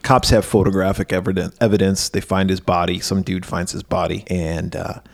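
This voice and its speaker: A man's voice: deep voice, level tone, a little fast, gravelly. A man co-hosting a podcast, chatting casually about an old movie, cursing freely and laughing often. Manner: profane, laughing, jokey. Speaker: podcast co-host.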